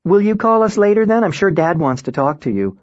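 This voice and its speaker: A man's voice: high-pitched, animated, a little fast, muffled recording, pitched above the performer's own voice. A man reading the lines of a chatty middle-aged mother on the phone, light and gossipy, in a slightly raised voice. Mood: eager.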